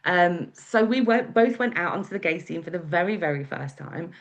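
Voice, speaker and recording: A woman's voice: on the low side, lively intonation, normal speed. A woman with an English accent, telling her own story as a guest speaker in a chatty, candid way. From England. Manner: chatty, candid, with acted-out quotes. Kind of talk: personal storytelling.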